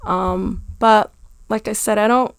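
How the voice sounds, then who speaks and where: A woman teacher talking in a calm, matter-of-fact way in casual conversation. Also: medium pitch, slow pace, smooth, dry recording, studio quality.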